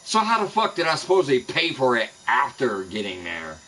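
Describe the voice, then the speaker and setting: Guy on a live stream going off, cussing nonstop, bright sharp voice, faint hiss behind. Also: mid-range voice, huge pitch swings, fairly quick, few pauses, poor audio. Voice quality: profane, heated ranting. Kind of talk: angry live-stream rant. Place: home in the American Midwest.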